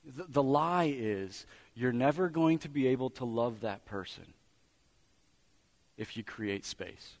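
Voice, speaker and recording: A man's voice: medium pitch, animated, takes it slowly. A male pastor delivering a sermon in a church, with a mid-range voice. He builds his points through emphatic repetition, pressing them home.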